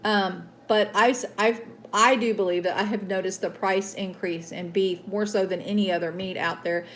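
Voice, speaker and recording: A woman's voice: medium pitch, steady tone, normal speed, slight background noise. A woman with a Southern accent who hosts a casual news show, reading articles aloud and rambling, with many fillers and restarts. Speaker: host.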